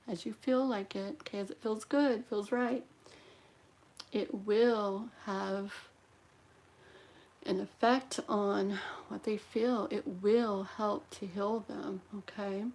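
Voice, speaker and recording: Female live-stream host, fairly high voice, soft reassuring guidance with frequent "okay", hiccups between lines. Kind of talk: live-stream healing ritual talk.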